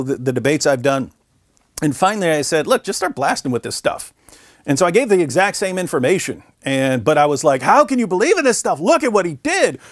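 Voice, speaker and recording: A man being interviewed at a conference, telling stories in a lively conversational way and acting out the voices he quotes. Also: medium pitch, no echo, studio quality. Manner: animated storyteller, acts out quoted voices. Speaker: guest, Christian apologist. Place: conference venue.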